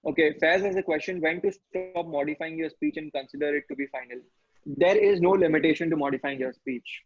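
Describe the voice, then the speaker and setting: A man's voice: a little high, fairly quick, dull audio. A man, coaching public speaking and answering questions in an earnest, encouraging way, often asking rhetorical questions. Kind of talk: online training session answering questions.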